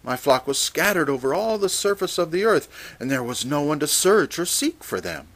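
A man preaching a Bible teaching sermon, measured and deliberate, reading scripture passages aloud. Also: a little high, expressive, fairly bright tone.

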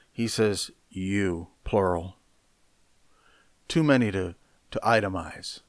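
A man delivering an expository Bible lesson at an unhurried, deliberate pace, pausing to stress key words. His voice sits at a middle pitch and sounds close and dry, with no room echo. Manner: deliberate, measured, explaining word by word with emphatic stresses. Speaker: preacher.

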